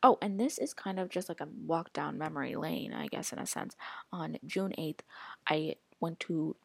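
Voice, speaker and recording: A woman's voice: low voice, moderate pace, creaky, husky, dry recording. A woman hosting a casual solo podcast, rambling and chatty, full of "like" and reacting aloud to what she scrolls through. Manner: rambling, chatty, heavy use of filler "like". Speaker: podcast host.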